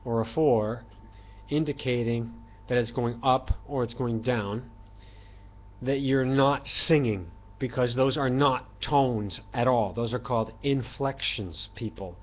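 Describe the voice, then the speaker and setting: A man giving an opinionated online language lesson, talking emphatically with throat clearing and fillers. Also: takes it slowly, muffled recording. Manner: voices tones with sudden loud highs and quiet lows. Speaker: language teacher.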